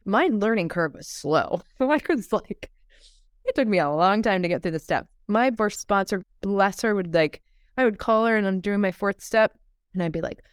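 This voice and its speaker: A woman telling her personal story as a podcast guest, animated and acting out the dialogue she quotes. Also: medium pitch, normal speed, no room sound, studio quality.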